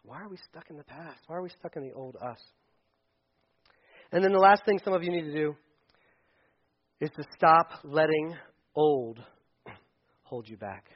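A man preaching a sermon to his church, animated and conversational, often restarting his phrases and acting out voices. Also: fairly high pitch, moderate pace, long pauses, dull audio. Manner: animated, acts out voices in quotes, frequent restarts. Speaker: pastor. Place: church sanctuary.

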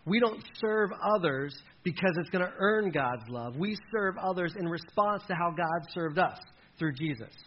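A man preaching a sermon as a pastor, lively and conversational, who drops his voice low and quiet when he speaks God's words. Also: moderate pace, few pauses, highs cut off, a little hiss or hum.

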